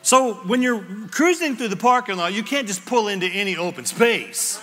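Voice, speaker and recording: A man preaching a sermon as pastor, telling stories with sudden shouts and hushed whispers. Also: high-pitched, moderate pace. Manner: animated storytelling, shifting from shouts to whispers. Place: church sanctuary. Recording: long reverb of a large hall.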